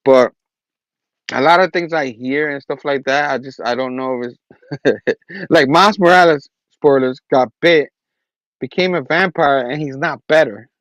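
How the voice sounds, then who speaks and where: A man's voice: fairly high pitch, normal speed, pauses often, fairly bright tone, no echo, rough recording. A man hosting a casual comic book review show, recapping the story in a rambling way. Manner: rambling recap with restarts and acted quotes. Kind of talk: casual chat.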